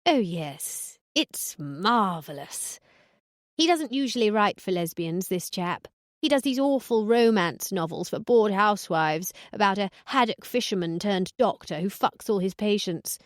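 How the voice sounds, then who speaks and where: A woman's voice: mid-range voice, animated, unhurried, no room sound, lightly acted. A woman voicing a blunt, foul-mouthed older woman who lives on a cruise ship, trading dry, crude put-downs in an audiobook. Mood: cheerful. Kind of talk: audiobook dialogue.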